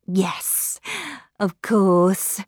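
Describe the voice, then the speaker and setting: Woman reader doing a guarded wife, clipped and cool, slow delivery. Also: lowish voice, level tone, darkish tone, dry recording, clean studio sound. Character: tense pregnant stepgrandmother, guarded and polite.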